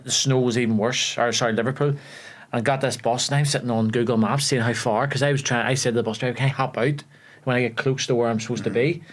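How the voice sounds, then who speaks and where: A young man with a Belfast accent, an actor telling animated stories on a podcast and laughing often. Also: mid-range voice. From Northern Ireland. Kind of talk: casual storytelling chat. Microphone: podcast studio mic.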